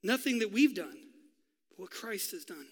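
A male pastor preaching a sermon, telling a story with drama and dropping to a hush for key lines. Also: high-pitched, lively intonation, moderate pace, husky, long reverb tail. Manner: dramatic storytelling, swinging from loud to hushed.

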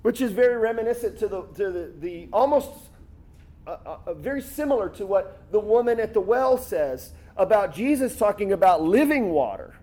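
A man preaching a sermon with a fairly high voice. He talks in a lively, conversational way and acts out the lines he quotes. His pitch and loudness rise and fall as he makes his points. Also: moderate pace. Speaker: pastor.

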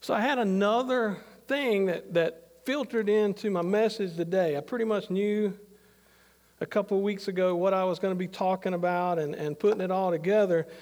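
A man's voice: high-pitched, normal speed, darkish tone, in a large hall. A middle-aged man preaching a sermon, talking in a conversational, anecdotal way full of asides. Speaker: pastor.

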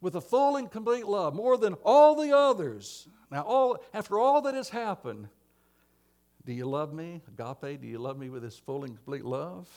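A man's voice: high voice, big pitch swings, moderate pace, a little mellow, voice pushed up. Preacher playing a searching teacher pressing his friend, earnest. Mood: probing. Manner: earnest, probing questions.

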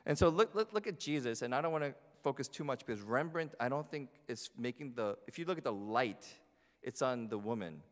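With an expressive, brisk, mid-range voice, this New Jersey pastor preaches a chatty, conversational sermon in a church sanctuary, often asking the congregation questions. Long hall reverb colors the sound.

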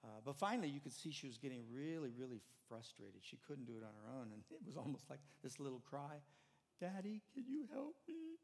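A man's voice: mid-range voice, fast, gravelly, hardly any pauses. Older male pastor preaching in a reverberant hall. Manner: conversational preaching, rising to emphatic then dropping soft. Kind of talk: sermon.

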